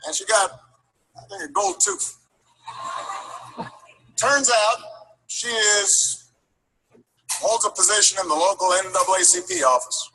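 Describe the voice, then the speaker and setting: A man with a high, bright voice tells a story in a speech, letting lines build through repetition. The tone has a slightly husky edge, and he sometimes stumbles over his restarts. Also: expressive, low-quality recording. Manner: building, rhythmic delivery with repeated phrases; halting restarts. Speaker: political speaker.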